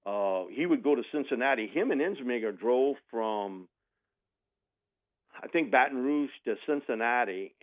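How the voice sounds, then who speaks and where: A man, telling a sports story on the radio and acting out the people in it. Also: mid-range voice. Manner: animated, mimics voices in anecdotes with laughs. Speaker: radio guest. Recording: tinny phone line.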